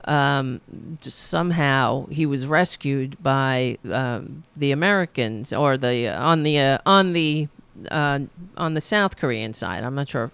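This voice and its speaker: Slow, gravelly woman hosting a livestream. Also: low voice, dry recording. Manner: casual, meandering, with many fillers and restarts. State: losing her voice. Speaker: host of a political livestream show. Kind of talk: rambling political commentary.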